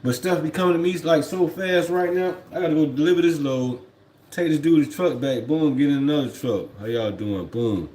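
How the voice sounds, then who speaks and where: A man's voice: fairly high pitch, normal speed, mellow, roomy sound, a little hiss or hum. A man who drives trucks talks casually on a home livestream, rambling and reflective, often repeating "you know what I mean.". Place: at home, indoors.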